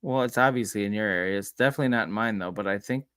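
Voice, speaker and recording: A man's voice: fairly low pitch, rapid-fire, a bit bright, clear, resonant tone, no echo. A man from Minnesota co-hosting a casual podcast, laughing often and swearing casually. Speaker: co-host.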